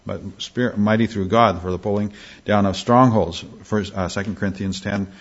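A man preaching an expository sermon, emphatic, often restarting phrases and slowing down to read scripture. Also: on the low side, steady tone. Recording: dull lo-fi sermon recording.

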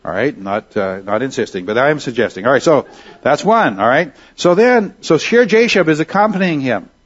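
A man teaching a Bible lesson, walking his class through passages point by point. He keeps pausing to check in with his listeners. His voice sits at an ordinary pitch, and the recording sounds muffled and lo-fi. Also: expressive, slightly rough. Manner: explanatory, checks in with "all right?".

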